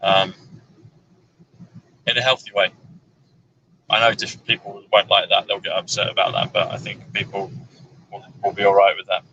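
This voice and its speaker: A man's voice: lowish voice, little pitch movement, moderate pace, pauses often, sharp tone, highs cut off, a little hiss or hum. A man chatting casually in a moving car, rambling through numbers with plenty of fillers. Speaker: numerology guest. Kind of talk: casual chat on a road trip. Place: inside a moving car on a road trip.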